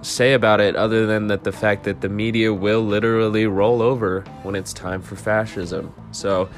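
Laid-back monotone man hosting a podcast. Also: fairly low pitch, moderate pace, faint music behind. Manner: laid-back, rambling, with fillers and asides. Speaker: podcast host. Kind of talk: casual political commentary and article reading.

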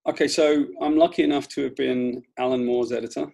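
A man's voice: medium pitch, brisk, vocal fry. A man with a British accent from Britain, a guest in a casual interview, talking emphatically and animatedly about his views and career. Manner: emphatic, animated storytelling with mimicked voices. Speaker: comics writer and former editor, guest.

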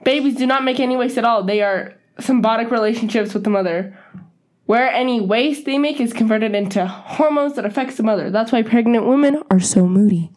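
A woman in casual group chat, loud and laughing, teasing the others and quick to get defensive. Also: fairly high pitch. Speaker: podcast co-host.

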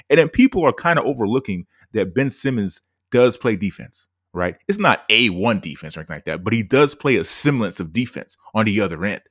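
A man co-hosting a sports podcast, making his points in a measured way with many fillers. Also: fairly low pitch, dry recording, clean studio sound. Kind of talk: casual sports debate.

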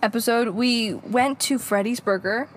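A woman's voice: fairly high pitch, a little slow, slight background noise. A young woman co-hosting a podcast, joking and teasing in casual banter. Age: young adult. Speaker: podcast co-host. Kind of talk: casual chat.

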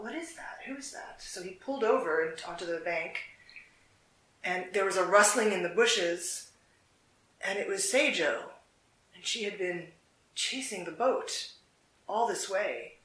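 A storyteller telling a folk tale in a relaxed, unscripted way, with fillers and restarts. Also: mid-range voice. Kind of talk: casual storytelling. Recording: echoey room.

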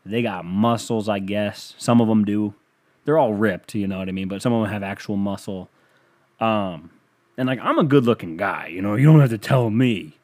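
A man's voice: fairly low pitch, moderate pace, a little mellow. A young man hosting a podcast in a rambling, profane, self-mocking casual monologue. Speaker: podcast host.

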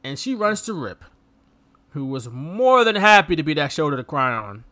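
Man, casual movie review chat, lively swooping pitch, bright voice, mocking impressions. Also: moderate pace. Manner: animated, acts out characters mockingly. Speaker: podcast co-host.

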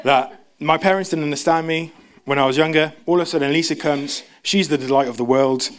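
A young man gives a relaxed sermon in a church. His talk is chatty and full of restarts. He jumps into a higher voice when he plays out the people in his stories. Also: fairly quick. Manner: chatty, self-interrupting, acts out quotes in a high voice. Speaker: preacher. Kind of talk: casual sermon.

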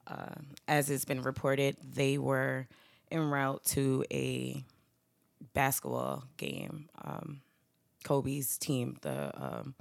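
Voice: medium pitch, expressive, takes it slowly, vocal fry, no room sound. A podcast co-host telling a story in casual group chat, rambling with plenty of "um" and "like". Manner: rambling storytelling with frequent fillers.

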